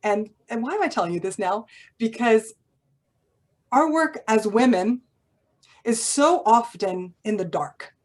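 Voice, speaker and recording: Animated woman telling spiritual stories. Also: mid-range voice. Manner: animated, conversational, laughs often. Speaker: spiritual teacher and speaker. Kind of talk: inspirational talk with storytelling.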